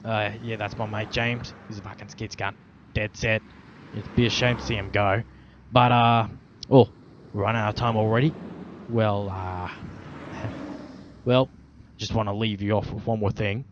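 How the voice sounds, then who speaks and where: A man's voice: lowish voice, steady tone, measured pace, pauses often. A man speaking in a put-on Australian accent in an in-character roleplay monologue. He brags, swears constantly and keeps saying slang like "mate". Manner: boastful, swears constantly, lots of Aussie slang. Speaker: roleplaying vlogger. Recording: dull lo-fi outdoor recording with traffic noise.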